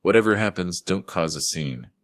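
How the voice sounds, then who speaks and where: A worn-out, cornered son pleads in shaky whispers in a storybook drama, as a deep-voiced male narrator plays him. Dry, close sound. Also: animated, normal speed, fairly bright tone, no echo. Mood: desperate. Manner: whispering, trembling. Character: exhausted desperate adult son, trapped.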